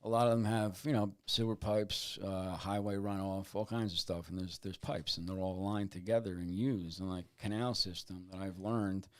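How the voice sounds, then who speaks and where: A man guesting on a casual fishing show, speaking in a low, easygoing voice. He talks in a laid-back way, full of "you know" fillers. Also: fairly even intonation, normal speed, few pauses. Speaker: guest artist and angler. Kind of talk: casual interview.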